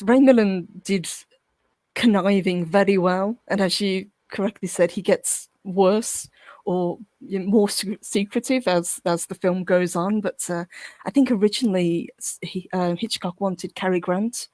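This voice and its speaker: A British woman on a movie podcast, talking in a measured, informative way with frequent giggles. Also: medium pitch, fairly even intonation, a little mellow, no room sound. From Britain. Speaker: podcast co-host. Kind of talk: casual movie discussion.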